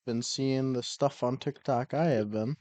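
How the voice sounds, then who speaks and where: Sweary podcast dude chatting football, normal voice, dead dry mic. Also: male voice, mid-range voice, measured pace, dry recording. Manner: profane, animated when ranting. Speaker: podcast co-host. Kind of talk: casual chat. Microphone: own microphone.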